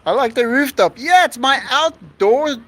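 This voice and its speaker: A man's voice: extremely high pitch, animated, measured pace, fairly bright tone. A man hosting a casual live stream outdoors on a rooftop, effusive and laughing often as he reads out donations.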